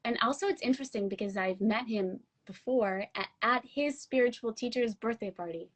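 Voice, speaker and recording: A woman's voice: a little high, normal speed. A woman hosting a podcast interview, chatting casually and adding brief supportive remarks. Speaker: podcast host.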